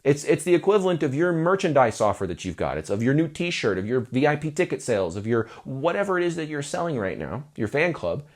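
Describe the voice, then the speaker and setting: A man giving casual talking-head advice to musicians as a music business coach, playful and animated, acting out mock sales pitches. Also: fast, few pauses.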